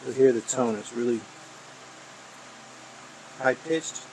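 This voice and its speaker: A man casually talking through a repair step by step, in a plain, unhurried way as he works in a garage. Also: mid-range voice, a little mellow, a little hiss or hum, poor audio. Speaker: mechanic demonstrating repairs. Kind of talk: casual step-by-step how-to instruction.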